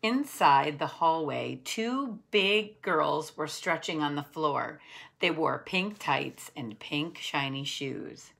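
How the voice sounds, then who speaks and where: A woman reading a children's picture book aloud, telling the story in an expressive storytelling way. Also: deep voice, gravelly. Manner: expressive, unhurried storytelling with voiced characters. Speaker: storybook reader.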